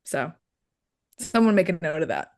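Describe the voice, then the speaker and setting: A woman's voice: low voice, big pitch swings, moderate pace, darkish tone. A young woman co-hosting a pop music podcast, talking enthusiastically and gushing over songs. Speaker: podcast co-host. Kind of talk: casual chat.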